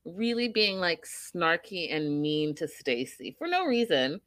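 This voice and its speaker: A woman's voice: fairly low pitch, sing-song, measured pace, fairly bright tone, no echo. A woman casually recapping a reality show, opinionated and full of rhetorical questions.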